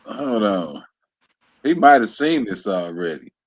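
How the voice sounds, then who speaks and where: A man's voice: on the low side, sing-song, takes it slowly, highs cut off. A man in casual podcast chat, tossing in brief reactions and laughing asides.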